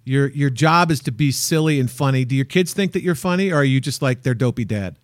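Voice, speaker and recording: A man's voice: mid-range voice, fairly quick, no room sound, studio quality. A man hosting a podcast in casual interview chat, laughing easily and joking. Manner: laughs easily, jokey and relaxed. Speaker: podcast host.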